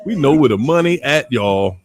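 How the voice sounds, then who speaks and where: A man's voice: medium pitch, expressive, moderate pace. A man with a D.C. African American accent hosting a casual livestream, playfully calling out viewers by name and laughing often. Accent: African American English from Washington, D.C. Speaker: livestream host.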